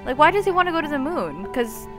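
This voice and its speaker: A young woman giving casual commentary while playing a game, chatty and jokey with sudden loud outbursts. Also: sits high, very animated, fast, music in the background. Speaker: let's play gamer.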